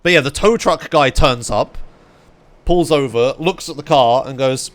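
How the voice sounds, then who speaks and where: A man's voice: medium pitch, moderate pace. Swearing British man telling a story. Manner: swears freely, rambling with many fillers. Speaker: streamer. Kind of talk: casual storytelling to chat.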